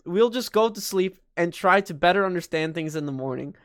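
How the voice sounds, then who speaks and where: A man's voice: sits high, lively intonation, brisk, fairly bright tone, clear, resonant tone, no echo, studio quality. A young man reading a fan story aloud, breaking off for joking, sarcastic asides. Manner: joking, sarcastic asides and mock-dramatic voices. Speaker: YouTuber.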